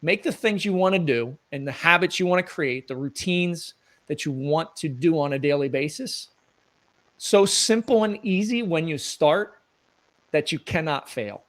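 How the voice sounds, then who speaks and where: A middle-aged man with a fairly high voice gives earnest, motivational coaching advice as an interview guest. He talks in a relaxed conversational way, laying out his points step by step. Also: moderate pace.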